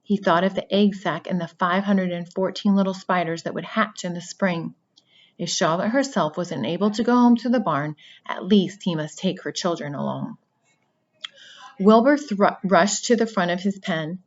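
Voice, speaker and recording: A woman reading a children's novel aloud with steady storytelling narration. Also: on the low side, moderate pace, muffled recording. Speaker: reader.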